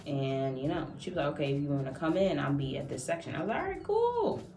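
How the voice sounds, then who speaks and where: A woman's voice: deep voice, big pitch swings, quick pace, darkish tone, soft background music. A young woman vlogger telling a casual story, acting out quotes and laughing often. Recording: echoey room, mic at a distance.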